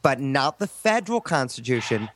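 A man's voice: medium pitch, very animated, normal speed, a bit bright. A man, co-hosting a casual comedy podcast, explaining things earnestly at length with frequent restarts. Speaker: podcast co-host.

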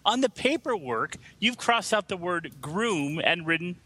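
A man's voice: sits high, big pitch swings, unhurried, bright, forceful tone, husky. A man on a comedy podcast panel, reading a news story aloud with wry, sarcastic asides.

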